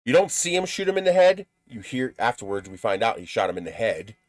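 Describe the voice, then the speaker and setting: A man's voice: medium pitch, big pitch swings, a little fast, dry recording. A man hosting a live stream in casual chat, blunt and profane, who laughs at his own stories.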